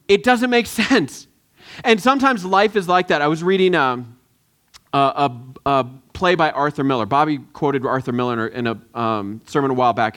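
A pastor giving a sermon in a conversational way, with many halting restarts and questions to the room. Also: male voice, sits high, a bit bright.

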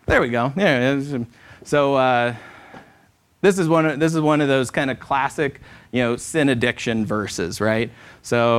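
A man's voice: mid-range voice, a little slow, clear, resonant tone. A man, a therapist speaking at a church, talking conversationally and often checking in with "right?". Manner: conversational, keeps asking "right?". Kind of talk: church talk with Q&A. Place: church hall.

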